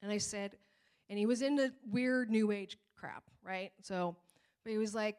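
A middle-aged woman pastor preaching a sermon, telling a story with lively acted-out voices. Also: mid-range voice, unhurried, clean tone. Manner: animated storytelling, acting out voices.

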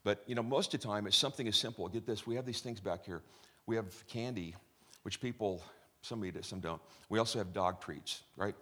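A man's voice: fairly low pitch, a little fast, a bit bright, breathy edge. A middle-aged man preaching a chatty, joking sermon as pastor, with many restarts.

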